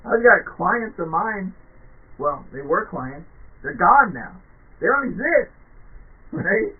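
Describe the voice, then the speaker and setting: A man hosts a podcast in a chatty, motivational manner, and his voice is a touch husky and pitched slightly high. He often asks "right?" and slips into quick acted voices. The sound is tinny and narrow, like a phone line. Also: sing-song. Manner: chatty, keeps asking "right?", acts out quoted voices. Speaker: podcast host. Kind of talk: casual motivational monologue.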